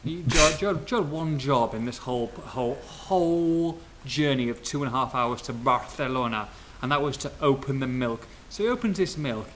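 A man hosting a casual football podcast, telling funny anecdotes in a lively way and laughing often. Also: medium pitch, normal speed, few pauses, a little hiss or hum. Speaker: podcast host.

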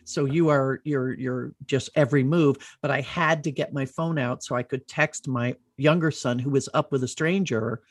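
A middle-aged woman hosting a podcast, telling an animated, rambling story in casual chat and swearing freely. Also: rumbling low, normal speed, few pauses, no echo, clean studio sound.

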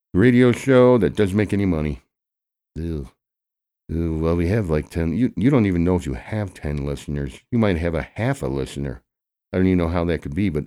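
Casting: a man playing a scornful handyman on a comedy radio bit, deep and dark voice, grumbling. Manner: sarcastic, grumbling. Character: grumpy sarcastic male handyman, scornful.

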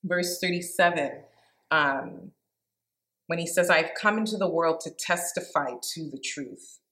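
Earnest woman teaching the Bible, lowish voice. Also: a little slow, fairly bright tone. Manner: earnest, reflective, conversational. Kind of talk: informal devotional Bible teaching with scripture reading.

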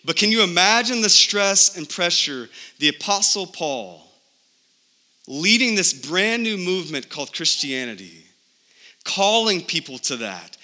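A high-pitched, bright, forceful male voice delivers an emphatic sermon, the pastor firing off rhetorical questions. The recording carries the long reverb of a large hall.

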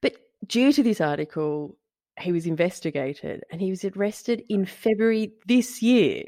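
A woman co-hosting a casual podcast, telling a story with gleeful, animated energy and the odd swear. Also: medium pitch, moderate pace. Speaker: podcast co-host. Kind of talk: casual chat.

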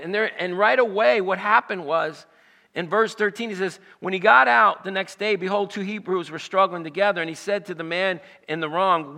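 A man's voice: high voice, normal speed, creaky, pushed and bright, big-room sound. A man preaching a sermon, reading scripture and acting out its lines with rising emphasis. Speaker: pastor.

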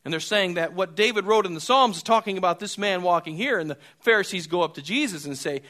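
A male pastor with a bright, forceful voice pitched a little high delivers a sermon. He swings between soft, hushed stretches and loud, raised passages. He often doubles a word as he restarts a phrase. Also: quick pace, hardly any pauses.

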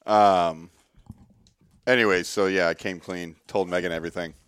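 His voice sits low and smooth at a moderate pace as this man in his thirties, a guest at a workshop, animatedly and candidly recounts his story. He swears a lot and acts out the quotes with different voices.

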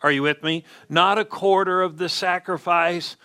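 A man's voice: high-pitched, steady tone, normal speed, sharp tone, clear, resonant tone. A man preaching a sermon as pastor, stressing key words and checking in with the congregation.

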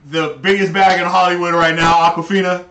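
A man's voice: sits high, flat delivery, brisk, a bit bright, distant mic. A man co-hosting a casual livestream, ranting heatedly and swearing often. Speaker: stream co-host. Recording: roomy, off-mic sound.

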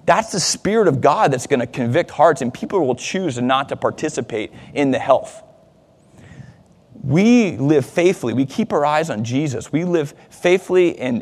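Male pastor in his thirties, mid-pitched voice, chatty sermon with asides, church hall reverb. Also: darkish tone. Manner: conversational, self-deprecating, with fillers and asides. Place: church sanctuary.

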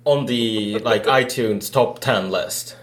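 A man co-hosting a casual podcast chat, talking slowly with many fillers and hesitations. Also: on the low side. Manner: slow, hesitant, lots of fillers. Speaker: podcast co-host.

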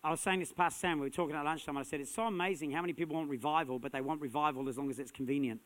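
Male pastor, sermon delivery, slightly high pitch, energetic and emphatic. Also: rapid-fire. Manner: energetic, punchy, rising to shouts.

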